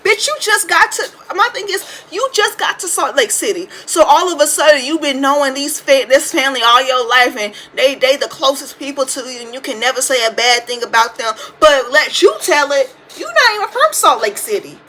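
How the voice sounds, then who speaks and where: At a moderate pace and with hardly any pauses, a podcast host in her twenties rants about reality TV in a high, bright voice. She's casual and animated, swearing freely and leaning on loose slang, captured in a rough phone recording.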